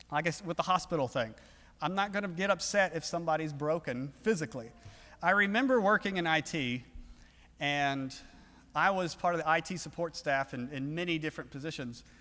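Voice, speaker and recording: A man preaching an evening sermon in an earnest, conversational way, pausing and restarting as he talks. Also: on the high side, sharp tone. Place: church sanctuary. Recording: long reverb of a church hall.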